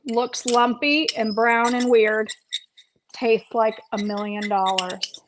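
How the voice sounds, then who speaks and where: A woman's voice: fairly high pitch, fairly even intonation, slow, noisy background. A woman health coach chatting playfully while she eats on a casual livestream, with self-deprecating jokes. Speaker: health coach and vlog host.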